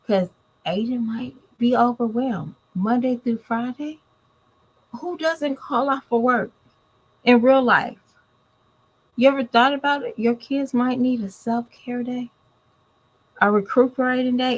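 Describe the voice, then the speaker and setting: A woman's voice: a little high, rough recording. A woman, giving blunt, scolding commentary straight to her viewers in a casual vlog. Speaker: commentary vlogger.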